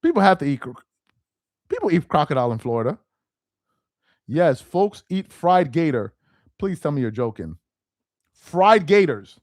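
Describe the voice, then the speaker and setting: A talkative man reacts to his chat on a live stream, his fairly high voice swinging widely in pitch as he keeps circling back to the same point. He laughs easily, and the sound is dry and close with no room echo. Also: moderate pace, pauses often. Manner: animated and talkative, repeats himself, laughs easily. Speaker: live stream host reading viewer chat.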